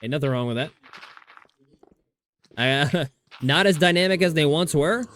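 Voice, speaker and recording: A man's voice: a little high, moderate pace, a bit bright. A man livestreaming a survival game, chatting casually in a rambling, profane way and laughing often. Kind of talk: casual gaming stream chat.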